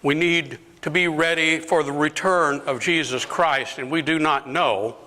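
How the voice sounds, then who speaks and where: Older man, deacon, slow deliberate delivery, bright ringing voice, long hall reverb. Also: a little high, fairly even intonation. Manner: acts out quoted voices, rising to near-shouts. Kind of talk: talk to a parish lunch group. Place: parish hall.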